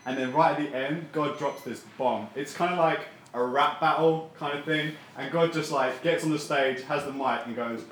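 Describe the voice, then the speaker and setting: A man's voice: a little high, moderate pace, few pauses, heavy reverb, slight background noise. A man preaching a casual, joking sermon and bantering with his congregation. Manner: playful, animated, banters with the congregation.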